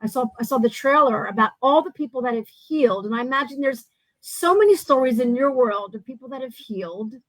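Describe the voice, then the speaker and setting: A woman hosting an interview, telling stories in an animated way with many restarts. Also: high voice, fairly quick, no room sound, rough recording. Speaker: host. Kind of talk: casual interview chat.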